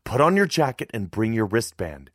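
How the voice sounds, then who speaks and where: A man's voice: mid-range voice, lively intonation, a little slow, husky, dry recording, studio quality, voice pushed up. A man voicing a worried, commanding furred mother who barks urgent orders at her sons. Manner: urgent, protective, sharp when barking orders.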